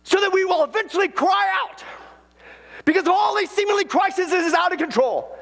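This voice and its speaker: A man's voice: very high-pitched, expressive, moderate pace, gravelly, fairly bright tone, big-room sound. A man preaching as a pastor, fervent and insistent, repeatedly addressing his listeners as folks. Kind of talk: preaching to camera.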